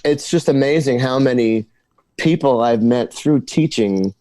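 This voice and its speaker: A man from New Jersey, a guest musician, telling stories in a casual interview, animated and tripping over repeated words when excited. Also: medium pitch, unhurried, no echo.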